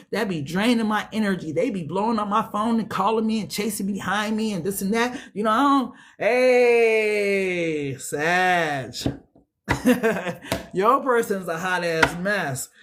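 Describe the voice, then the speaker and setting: A man with a high voice gives a casual tarot reading. His speech is slangy, profane and chatty. He talks straight to the viewer as if to a friend. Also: a little hiss or hum. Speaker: tarot reader.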